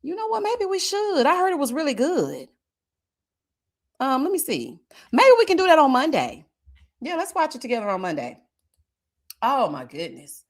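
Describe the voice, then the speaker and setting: Woman doing a chatty live stream, reads comments out loud, laughs a lot, voice kinda high and bouncing all over. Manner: animated, laughs often, drawn-out murmurs of agreement; chatty, talks straight to viewers.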